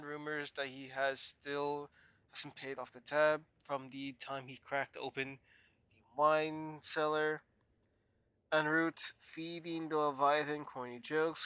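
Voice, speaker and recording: A man's voice: a little high, sharp tone, smooth, dry recording. Man reading game text aloud while sick. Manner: stumbling, self-correcting reading. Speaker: game streamer.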